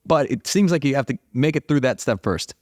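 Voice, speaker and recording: A man hosting an interview podcast, talking enthusiastically with quick restarts. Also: mid-range voice, expressive, darkish tone, dry recording, studio quality. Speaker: podcast host. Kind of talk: interview conversation.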